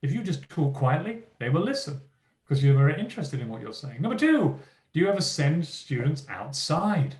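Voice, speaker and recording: A man gives a motivational keynote to teachers, his fairly high voice moving at a moderate pace in a roomy space. He speaks with lively emphasis and acts out the words of teachers and children.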